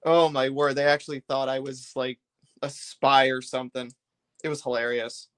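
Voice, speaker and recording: A man's voice: medium pitch, little pitch movement, moderate pace, fairly bright tone, smooth. A man chatting casually on a live stream while building a brick set, rambling loosely and often trailing off mid-thought.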